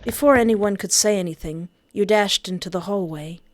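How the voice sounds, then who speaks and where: A woman's voice: medium pitch, normal speed, noisy background. A woman reading a second-person story aloud and breaking off with playful comments of her own. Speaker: story reader. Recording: background music under voice.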